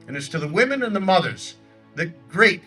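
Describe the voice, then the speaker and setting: A man's voice: very animated, moderate pace, bright, forceful tone, distant mic, soft background music, heavily acted, rough recording. A man playing an older Theodore Roosevelt, giving a declamatory outdoor stump speech in character in a park by a lake. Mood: rousing. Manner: booming, declamatory oratory. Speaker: historical reenactor.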